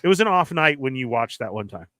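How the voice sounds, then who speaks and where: Bright-voiced man telling stories. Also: mid-range voice, quick pace, dry recording, studio quality. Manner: animated storyteller, acts out quoted exchanges. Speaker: podcast host. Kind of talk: casual chat about toy figures.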